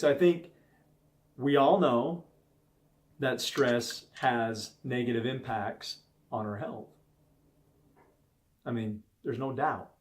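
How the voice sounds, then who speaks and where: A man in his thirties hosting a casual talk, telling a story from his home life in an earnest, conversational way. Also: mid-range voice. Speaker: host. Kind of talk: casual talk on stress management.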